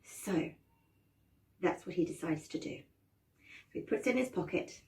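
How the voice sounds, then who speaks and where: A woman drama teacher telling a children's story with animated expression and dramatic gasps, prompting her class to join in. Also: fairly low pitch, measured pace, far from the mic.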